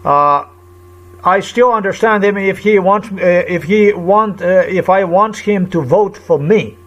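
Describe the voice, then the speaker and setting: A man vlogs a rambling personal story, agitated and indignant, halting and repeating himself as he hunts for words. His voice sits high with a fairly bright tone, and the recording's highs are cut off.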